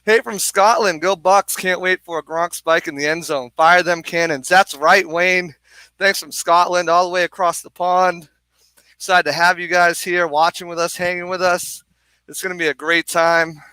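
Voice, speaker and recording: A man co-hosting a live sports watch-party stream outdoors on a bar deck, excitedly reading viewer comments and a little out of breath. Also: high voice, moderate pace, clean tone, no room sound, rough recording. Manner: hyped, energetic, reads viewer comments aloud.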